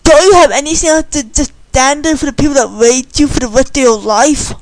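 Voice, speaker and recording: A woman voicing a gruff, bullying middle-aged rancher in a read-aloud story, barking and harsh. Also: high voice, fairly quick, no room sound.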